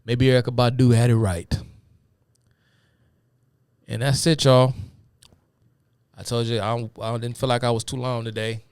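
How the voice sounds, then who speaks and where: A man's voice: mid-range voice, level tone, normal speed, long pauses, darkish tone, clear, resonant tone, no room sound, clean studio sound. A man hosting a live stream, giving a rambling, casual lecture full of fillers and asides to his viewers. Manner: rambling, many fillers, addresses viewers as y'all. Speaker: host of a live talk stream.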